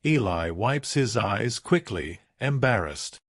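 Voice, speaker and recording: A man narrating a scripted story in a slow, deliberate storytelling manner. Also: on the low side, lively intonation, breathy edge, no echo, clean studio sound.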